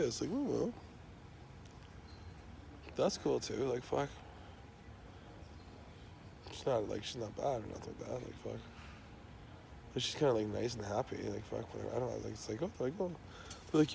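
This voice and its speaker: A man's voice: on the low side, lively intonation, normal speed, creaky, long pauses, darkish tone, a little hiss or hum. A man talking in a loose, rambling monologue, swearing constantly and trailing off into fillers and restarts.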